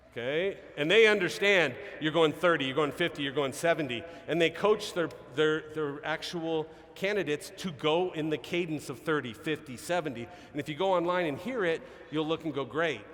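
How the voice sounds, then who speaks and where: Energetic man lecturing in a hall. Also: fairly high pitch, a little hiss or hum. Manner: energetic, punctuates with rhetorical "okay?" and "right?". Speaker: sales trainer. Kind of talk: live seminar talk to a sales team. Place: large event hall. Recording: reverberant event hall.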